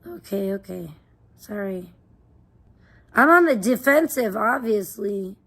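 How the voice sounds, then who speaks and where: A woman livestreaming, ranting in a profane, defensive way that swings between muttering and loud outbursts. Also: mid-range voice, animated, slow, vocal fry, husky. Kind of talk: casual livestream rant.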